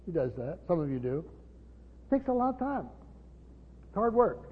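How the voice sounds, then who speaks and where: High-voiced pastor teaching in reverberant church. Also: male voice, sing-song, moderate pace, slightly rough. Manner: emphatic, asks rhetorical questions. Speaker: pastor teaching Bible study. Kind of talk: teaching sermon. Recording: dull lo-fi recording with long hall reverb.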